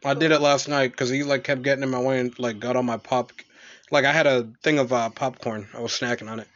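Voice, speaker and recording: A young man trades crude, dark jokes in loose podcast banter, swearing as he goes. His pitch sits right in the middle, and the recording sounds dull and lo-fi. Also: fairly even intonation, a little fast. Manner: profane, joking storyteller with dark humor. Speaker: podcast co-host. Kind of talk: explicit casual chat.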